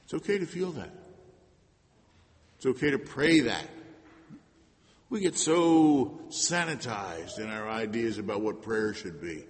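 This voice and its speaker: A man preaching a sermon in an earnest way, moving between loud emphasis and hushed asides. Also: mid-range voice. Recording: long hall reverb.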